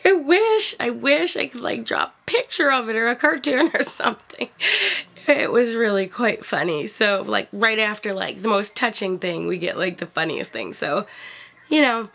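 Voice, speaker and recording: A middle-aged woman chatting casually about a trip, using lots of fillers and laughing often, with a gravelly, husky voice. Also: medium pitch, normal speed, sharp tone. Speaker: vlogger. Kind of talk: casual storytelling.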